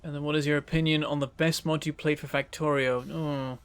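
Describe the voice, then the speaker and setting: A man from northern England with a softened northern English accent, rambling and chatty as he streams a game. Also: fairly high pitch, little pitch movement, a little fast, smooth. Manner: rambling, chatty, self-correcting. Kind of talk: casual live-stream game commentary.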